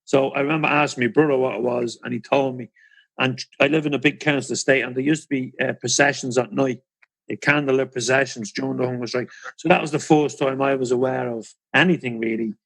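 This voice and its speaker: A man's voice: mid-range voice, steady tone, fairly quick, vocal fry, a bit bright. A man in his forties hosting a podcast, framing long scene-setting questions in a casual interview. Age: 40s. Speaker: podcast host.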